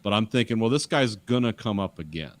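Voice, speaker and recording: A man's voice: fairly low pitch, expressive, a little fast, no echo. A man in casual podcast chat, rambling with restarts and acting out quotes from a show. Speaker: podcast co-host.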